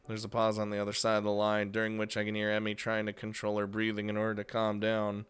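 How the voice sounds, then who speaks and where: A man reading a visual novel aloud with excitable, swearing commentary, often breaking off mid-sentence. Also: fairly low pitch, quick pace, hardly any pauses, clean tone. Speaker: video game let's player.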